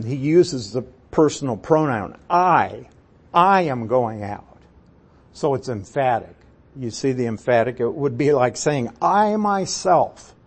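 A man teaching a sermon on a Bible passage, deliberate and emphatic, putting questions to his listeners. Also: fairly high pitch, a little mellow, slightly rough.

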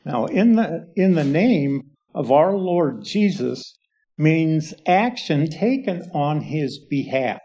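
A male Bible teacher works through a passage at an unhurried, measured pace. His voice sits a little higher than most men's. He leans on key words as he explains points of grammar to his listeners. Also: very animated, warm tone.

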